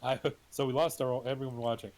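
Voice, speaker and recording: A middle-aged man at an ordinary middle pitch, joking with his tabletop group. He hesitates and fills in with ums as he introduces his character. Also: steady tone, fast talker, a little mellow. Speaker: player. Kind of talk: casual chat and character introduction.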